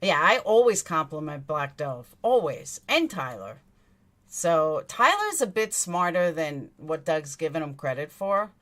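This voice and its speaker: A woman's voice: low voice, big pitch swings, measured pace, fairly bright tone. A woman with a New York accent hosting a true crime livestream, reading chat aloud and answering in a blunt, indignant way, swearing freely. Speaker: true crime commentary host.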